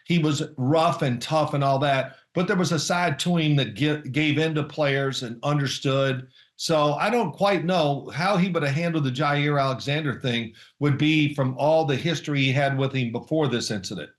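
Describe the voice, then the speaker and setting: An older man, a former football player being interviewed, telling stories in a lively, chatty way and laughing often. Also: a little high, moderate pace, hardly any pauses, reverberant. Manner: animated storyteller, mimics others, laughs often. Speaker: guest, former NFL quarterback and analyst. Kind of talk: casual remote interview.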